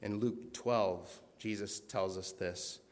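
Earnest male preacher, conversational sermon delivery, slightly low voice. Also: steady tone, slow, in a large hall. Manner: earnest, conversational, reads scripture aloud with emphasis.

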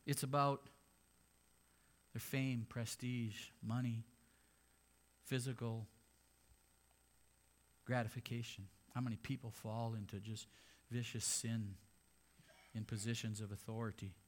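A man's voice: medium pitch, level tone, measured pace, pauses often. A male pastor preaching a sermon in an everyday, mid-range voice. He talks to his listeners like he is having a conversation with them. Now and then he drops in sarcastic remarks.

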